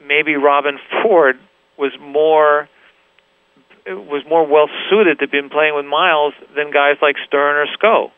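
A man's voice: a little high, steady tone, slow pace, smooth, no room sound. Man on a tinny phone line. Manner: rambling, frequent "you know" and restarts. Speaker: guitarist guest. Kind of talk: casual interview chat.

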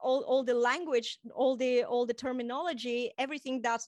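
Interview guest: a chatty woman in her forties with a mixed accent, Russian-Estonian touched by Irish, a higher voice and a dry, close sound. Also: a little fast, dry recording. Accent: Russian-Estonian with Irish influence. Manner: chatty, animated, laughs easily, self-deprecating. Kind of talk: casual conversational interview.

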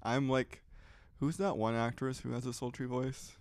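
A young man co-hosting a casual podcast, talking in a drawling, low-energy deadpan. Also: normal speed, clear, resonant tone, no echo, clean studio sound. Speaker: podcast co-host.

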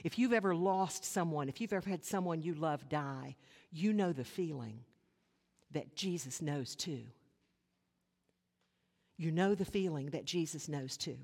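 A woman pastor delivering a sermon, earnest, with rhetorical questions and dramatic pauses. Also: low voice, darkish tone, husky. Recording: long hall reverb.

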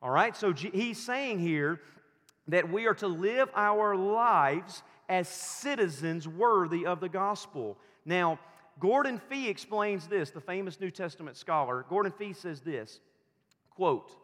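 A man preaching a sermon in a slow, emphatic style, repeating his key phrases for weight. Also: sits high, expressive, a bit bright, long reverb tail. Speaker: pastor.

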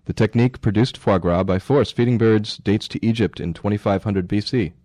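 A man's voice: on the low side, a little fast, mellow, no echo. A man co-hosting a radio show, joking and laughing as he reads out news stories. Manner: jokey, laughs often, reads news items aloud. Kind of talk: casual radio banter.

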